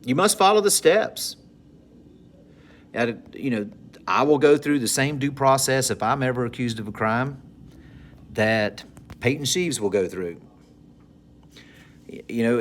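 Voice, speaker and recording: A man's voice: mid-range voice, animated, unhurried, pauses often, slight background noise. A man teaching a recorded civics lesson in a conversational, joking way, repeating key terms so students can take notes. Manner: conversational, jokey, repeats points for note-taking.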